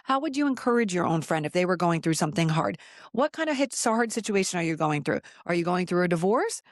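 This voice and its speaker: A woman's voice: fairly low pitch, very animated, fast talker, dry recording, studio quality. A woman hosting a motivational podcast, talking to listeners in an encouraging, conversational way. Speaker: podcast host.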